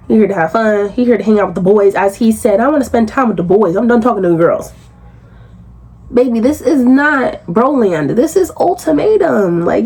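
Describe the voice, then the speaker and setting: A woman recapping a reality show in casual commentary, blunt and profane, jumping into high outraged pitch when incredulous. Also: a little mellow, breathy edge.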